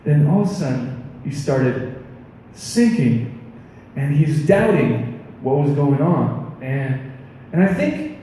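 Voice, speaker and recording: A man giving a casual youth sermon from a stage, as a chatty, animated storyteller. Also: medium pitch, takes it slowly, pauses often, slight background noise. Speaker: youth pastor. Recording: echoey hall, mic far off.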